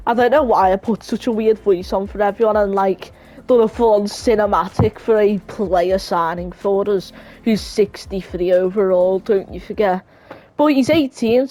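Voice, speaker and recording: A woman's voice: mid-range voice, dark tone. Lady gamer chatting over a football sim, rambly, laughs at herself, bit of music in the back. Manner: rambling and self-mocking. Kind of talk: casual game commentary.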